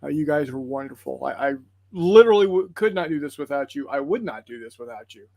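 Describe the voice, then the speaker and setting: A man's voice: on the high side, lively intonation, brisk, gravelly, a little mellow, no echo. A man hosting a tabletop gaming livestream, chatting casually and rambling apologetically through viewer comments with plenty of fillers.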